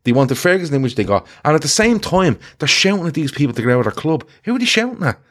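A man's voice: on the high side, quick pace, a little hiss or hum. A man hosting a casual football podcast, telling stories with lots of swearing and mocking quotes. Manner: swearing, animated storytelling with mocked quotes. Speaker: podcast host.

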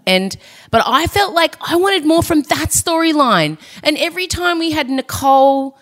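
A woman's voice: high voice, very animated, moderate pace, a bit bright. A woman hosting a podcast, reviewing a film in casual, opinionated chat with frequent restarts. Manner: chatty, opinionated, ranting with restarts. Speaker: podcast host.

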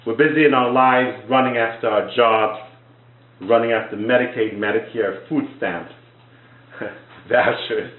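A man's voice: medium pitch, fairly even intonation, unhurried, pauses often. A man giving a Torah class in sermon style, in Orthodox Jewish English peppered with Hebrew and Yiddish words, often repeating and restarting his words as he tells a parable. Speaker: rabbi teaching a Torah class. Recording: echoey room, tinny phone-like sound.

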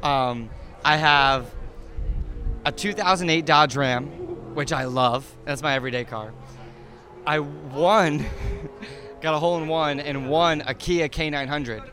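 A man's voice: a little high, a little slow, long pauses, sharp tone. A man in his thirties, an interview guest chatting casually about his cars, rambling with lots of fillers and restarts.

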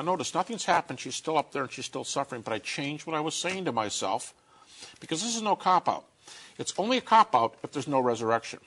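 Man talking about grief, earnest and conversational, slows right down for the big points. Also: medium pitch, fairly bright tone, breathy edge. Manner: earnest storytelling, slowing down for emphasis. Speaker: speaker on grief and faith. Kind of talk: conversational personal talk.

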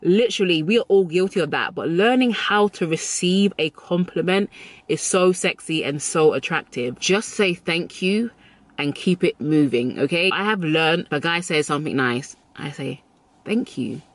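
A woman's voice: on the low side, animated, normal speed, no echo. A woman vlogger giving advice in a casual, chatty, emphatic way, often repeating her key phrases. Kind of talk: casual advice talk to camera.

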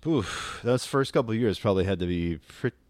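A man's voice: fairly low pitch, lively intonation, quick pace, darkish tone, no room sound. A man co-hosting a casual comedy podcast, chatting loosely, laughing often and swearing. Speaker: podcast co-host.

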